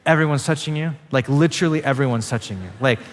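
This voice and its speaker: A man's voice: mid-range voice, fast talker, long reverb tail. A man preaching a sermon as pastor, in a casual, conversational way with frequent "like" fillers.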